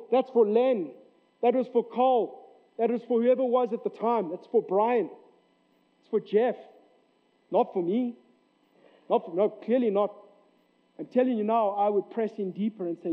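Male pastor, high voice, emphatic sermon delivery, tinny lo-fi recording. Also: moderate pace. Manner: earnest, emphatic preaching with repeated phrases. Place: church sanctuary. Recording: tinny narrow-band recording.

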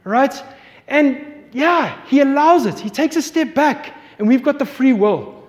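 A man in his thirties preaching a sermon, telling a family story in an animated way as a pastor. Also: very high voice, measured pace. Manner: animated storyteller, voice climbing when excited. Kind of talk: sermon with personal anecdote. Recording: long reverb from a large hall.

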